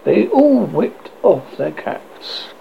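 A narrator reading a storybook aloud, halting now and then with restarts, in a dull lo-fi recording. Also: medium pitch, big pitch swings, gravelly, a little hiss or hum.

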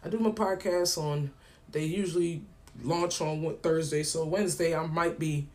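A man's voice: a little high, fairly even intonation, moderate pace. A man hosting his own podcast, talking casually in a loose, rambling way. He tells stories and acts out both sides of phone calls. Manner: loose and colloquial, with frequent slang. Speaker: podcast host. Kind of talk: casual monologue.

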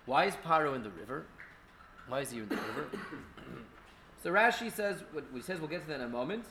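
A man's voice: on the high side, lively intonation, brisk, background noise. A man teaching an informal Torah class at an indoor gathering, speaking in a conversational way full of fillers and restarts.

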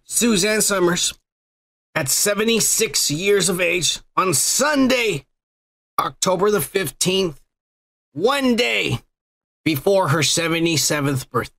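A man's voice: high voice, expressive, slow, vocal fry, fairly bright tone. A young man hosting a podcast, joking and rambling with lots of profanity. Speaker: podcast host. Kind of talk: casual crude podcast banter.

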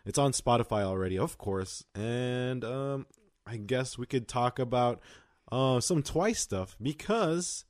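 A man's voice: medium pitch, lively intonation, unhurried, darkish tone, dry recording. A young man co-hosting a podcast, chatting casually with lots of fillers. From Los Angeles County. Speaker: podcast co-host. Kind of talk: casual chat.

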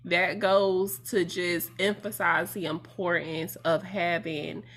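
A woman's voice: fairly low pitch, flat delivery, slow, fairly bright tone. A woman co-hosting a podcast, speaking heartfelt and emphatic with slang. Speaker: podcast co-host. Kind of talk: casual chat.

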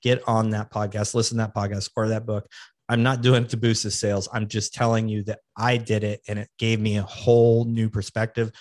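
A man's voice: lowish voice, flat delivery, fairly quick, a little mellow, no echo. A man hosting a podcast, giving earnest motivational advice in a coaching manner and repeating key phrases for emphasis. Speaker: podcast host.

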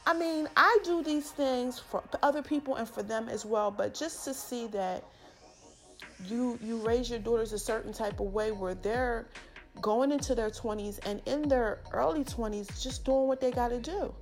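Chatty New woman, slightly high voice. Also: normal speed, faint music behind. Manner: chatty, slangy and affectionate, rambling asides. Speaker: podcast host. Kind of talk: casual shout-outs to supporters.

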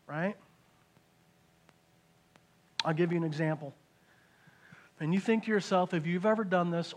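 A man preaching a conversational sermon, dropping into hushed asides and rising into loud excited bursts. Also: a little high. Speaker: pastor.

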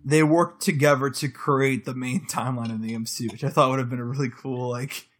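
A man co-hosts a casual review podcast, talking at a middle pitch. He is chatty and laughs easily. He often acts out quotes in the middle of his points. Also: fairly even intonation, a little fast. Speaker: podcast co-host. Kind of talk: casual chat reviewing episodes.

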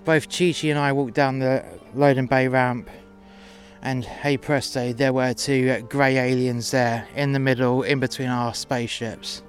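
A man's voice: mid-range voice, level tone, a little slow, soft background music. A man narrating a first-person sci-fi story in a casual, sweary, rambling way.

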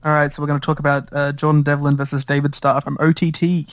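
A man hosting a podcast in relaxed banter, his voice a little higher than most men's. He comes across as easygoing and giggly, and the sound is dry and close with no room echo. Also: fast talker. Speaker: podcast host. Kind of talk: casual banter.

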